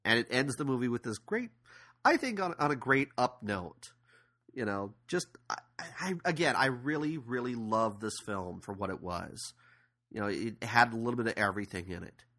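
A man's voice: medium pitch, lively intonation, normal speed, pushed and bright. A man casually recapping a movie plot as podcast co-host, rambling with fillers and restarts.

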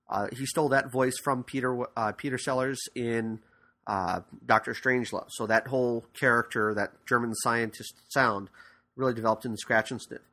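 A man's voice: mid-range voice, bright, forceful tone. A man hosting a podcast in casual talk, rambling with frequent fillers and restarts. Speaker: podcast host. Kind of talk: casual podcast commentary on cartoons.

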